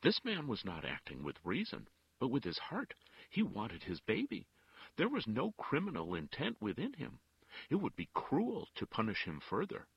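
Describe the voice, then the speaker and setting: An earnest nun presses her case firmly, her pitch climbing as she pleads. The voice has a husky grain and a dry, close sound, with a male narrator putting her on. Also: huge pitch swings, brisk, no room sound, highs cut off, full character voice. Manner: firm, pleading. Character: earnest, strong-willed woman, a nun.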